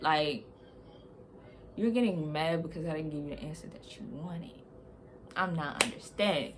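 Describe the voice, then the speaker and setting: A young woman vlogger telling a heated storytime, talking in an animated, emphatic and slangy way. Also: low voice, normal speed, long pauses, a little hiss or hum. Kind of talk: storytime vlog.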